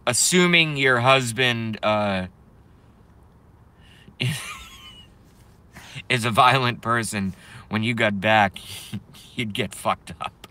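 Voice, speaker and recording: Casual streamer guy, bright clear tone, loose rambling delivery, jokes around with chat. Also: mid-range voice. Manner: rambling, joking, reads chat aloud. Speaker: live stream host.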